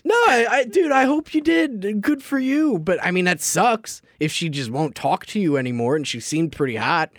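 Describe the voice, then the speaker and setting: A man co-hosting a casual after-show in a radio studio, joking and teasing in a relaxed chat. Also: sits high, moderate pace, few pauses, no echo. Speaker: show producer and after-show host.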